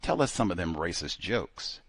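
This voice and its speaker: Animated low-voiced male talk host. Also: crowd noise. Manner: interrupting, emphatic, drawn-out pressing. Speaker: radio show host. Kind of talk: talk radio interview.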